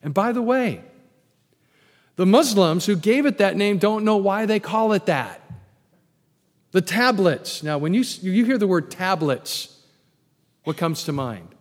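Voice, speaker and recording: Male pastor, emphatic storytelling sermon, raised pitch, long hall reverb. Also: animated, measured pace, long pauses.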